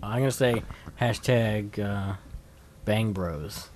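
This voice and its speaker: A man's voice: on the low side, slow pace, darkish tone, a little hiss or hum. A man co-hosting a comedy podcast, easygoing and giggly. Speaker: podcast co-host. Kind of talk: crude comedy podcast chat.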